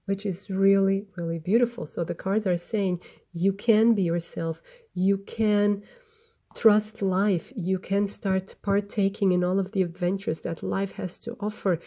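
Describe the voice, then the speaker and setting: Mellow-voiced woman giving a tarot reading. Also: mid-range voice, fairly even intonation, measured pace. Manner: gentle, earnest, meandering with restarts. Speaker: tarot reader. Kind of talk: spoken tarot reading to camera.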